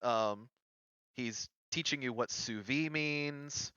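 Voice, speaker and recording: Slow, bright-voiced male game master. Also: medium pitch, clean tone, no echo, lo-fi sound. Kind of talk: narrating a tabletop game.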